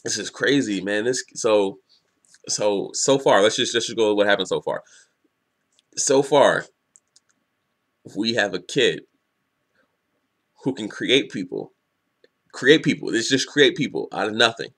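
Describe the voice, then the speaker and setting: Rambling, excitable young man. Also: lowish voice, unhurried, pauses often. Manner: rambling, excitable, swears a lot, laughs often. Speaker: manga reviewer. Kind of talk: casual video review.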